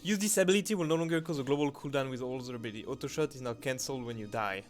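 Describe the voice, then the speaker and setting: Guy reading game patch notes out loud, non-native english, keeps going oh my god, clear music under it. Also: mid-range voice, racing. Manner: reads patch notes aloud with excited exclamations. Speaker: channel host. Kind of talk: gameplay commentary. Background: background music.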